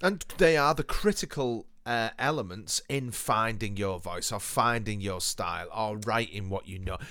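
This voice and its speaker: A man's voice: fairly low pitch, moderate pace, bright, forceful tone, no room sound. Man chatting in a dry, close sound. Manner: chatty, reflective, bursts of exclamation. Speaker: podcast co-host. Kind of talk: casual chat about old British television.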